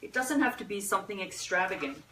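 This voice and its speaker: A woman's voice: medium pitch, animated, background noise. Tearful woman in an echoey room. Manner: tearful, soft-hearted, with pauses and sighs. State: teary. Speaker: host of a pet memorial livestream. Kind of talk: unscripted emotional talk. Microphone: phone or webcam. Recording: roomy echo, a bit far from the mic.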